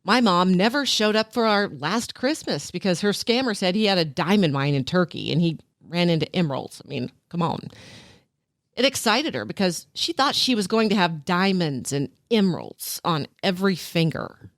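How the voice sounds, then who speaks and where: A woman's voice: on the low side, expressive, moderate pace, no echo, studio quality. A woman speaking emphatically about her mother, leaning on repeated phrases. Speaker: guest, daughter of a scam victim. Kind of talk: emphatic spoken commentary.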